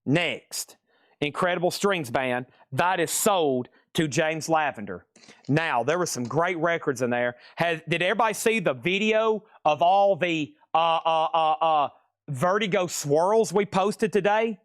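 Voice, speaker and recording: Between lots of his live online record sale, the host jokes around with viewers, otherwise reeling off grades and prices at a rapid clip. His voice is fairly high, and the clean studio sound has no room sound.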